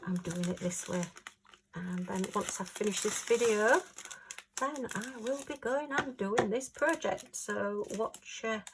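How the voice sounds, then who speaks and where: A woman's voice: medium pitch, gravelly, background noise. A woman with a Yorkshire accent chatting casually to camera as she sorts craft supplies at home, giggling and talking to herself. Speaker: crafting vlogger. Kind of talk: casual chat while working.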